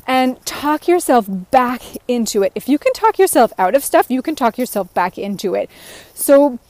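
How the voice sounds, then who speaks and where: A woman's voice: a little high, expressive, normal speed, a little mellow, no room sound. A woman giving an earnest, encouraging self-help talk, speaking in long run-on sentences as a life coach. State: a bit out of breath.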